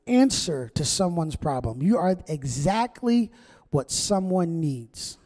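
Male pastor, conversational preacher, mellow and slightly high voice, call-and-response, echoing sanctuary. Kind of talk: sermon. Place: church sanctuary. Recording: long church hall reverb.

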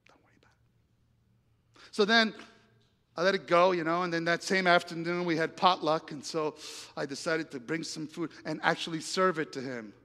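A man preaching, telling a personal story with lively acted-out dialogue and big swings between loud and hushed lines. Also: a little high. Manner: animated storyteller acting out dialogue, dramatic volume swings. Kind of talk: sermon storytelling. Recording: reverberant hall.

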